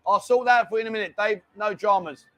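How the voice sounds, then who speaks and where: A man's voice: high voice, fast, a bit bright. A man hosting a casual live stream from a bar, joking around and reading viewer messages aloud.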